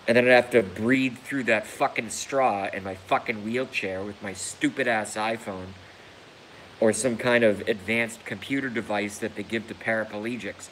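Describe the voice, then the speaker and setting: A man with a lowish, steady voice talks at normal speed while hosting a rambling live stream from his phone. Crude and self-mocking, he laughs at his own jokes, though he's hurt and every laugh causes pain. The low-quality recording carries a little hiss or hum.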